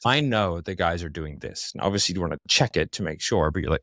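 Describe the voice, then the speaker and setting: Male podcast guest, low voice, blunt and confident, dry close sound. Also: expressive, quick pace, fairly bright tone, no echo. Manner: confident, blunt, explains with examples. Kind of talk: casual interview talk.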